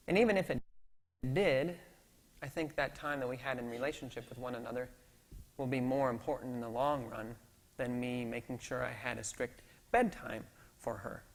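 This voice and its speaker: A man pastor telling stories in a sermon, lively and acting out the dialogue. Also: on the high side. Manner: storytelling, animated, acts out dialogue. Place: church sanctuary. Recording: long hall reverb in a church.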